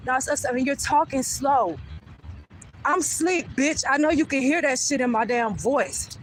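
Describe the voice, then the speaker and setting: A woman's voice: high voice, normal speed, a little hiss or hum, rough recording. Blunt, profane woman telling a story. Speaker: vlogger. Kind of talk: casual storytelling while walking. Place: outdoors on a street.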